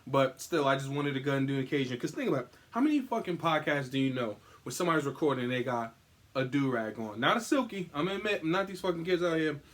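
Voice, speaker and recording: A man's voice: fairly high pitch, quick pace. Profane, rambling young male podcast host. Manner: profane, animated and rambling, breaks into singing. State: recovering from illness. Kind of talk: casual solo podcast monologue. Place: indoor room at home.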